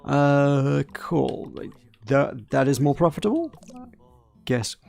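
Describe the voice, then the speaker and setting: A man's voice: medium pitch, lively intonation, takes it slowly, gravelly, darkish tone. A man giving casual live-stream commentary over a game, chatty and playful, talking along as he plays. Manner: chatty, playful, talks along with his play.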